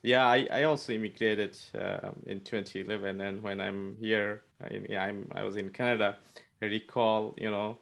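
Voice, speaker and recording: A man with a fairly low voice moderates a webinar over a video call. He talks in a friendly but hesitant way, leaning on "you know" and "uh" between phrases. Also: little pitch movement, moderate pace, creaky, fairly bright tone. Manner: friendly, hesitant, with many fillers. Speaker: webinar moderator and faculty member. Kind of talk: casual webinar talk.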